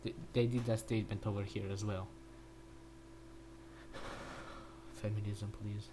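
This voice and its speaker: A man's voice: fairly low pitch, flat delivery, slow pace, noisy background. A man ranting in a crude, mocking and rambling way while he comments on a video, often restarting his sentences. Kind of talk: profane reaction rant.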